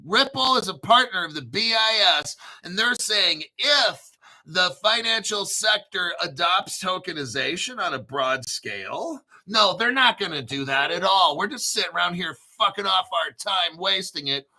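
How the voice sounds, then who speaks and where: A middle-aged man reads a news article aloud for his crypto channel in an unhurried, drawn-out delivery. His voice sits high and sounds sharp and bright. He keeps breaking off into excited, profane jokes and answers his own remarks. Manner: excitable, profane, jokes and talks back to himself. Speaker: crypto commentary host. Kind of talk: casual solo commentary reading an article aloud.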